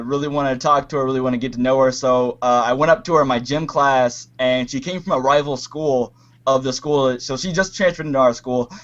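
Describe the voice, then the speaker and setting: A young man telling a long personal story on a call, hesitant with many pauses and fillers. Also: mid-range voice, a bit bright. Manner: hesitant, many ums, acts out quotes. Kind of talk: casual storytelling. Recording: muffled lo-fi call audio.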